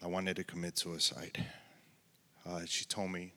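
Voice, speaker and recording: A man giving an earnest, emotional personal testimony in church, halting at times. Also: low-pitched, completely flat delivery, bright, forceful tone. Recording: long hall reverb.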